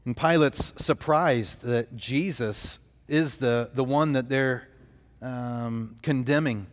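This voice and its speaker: A man's voice: mid-range voice, slow pace. A man preaching an expository sermon as pastor, earnest, often restarting his phrases as he thinks aloud. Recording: long hall reverb.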